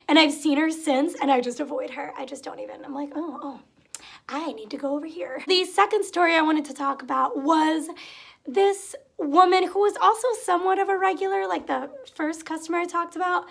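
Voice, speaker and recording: A young woman's voice sits high, a bit bright and creaky, and moves a little fast. On her vlog she chats casually through retail stories, exasperated as she mimics customers. She's at home in a room, with a cat nearby.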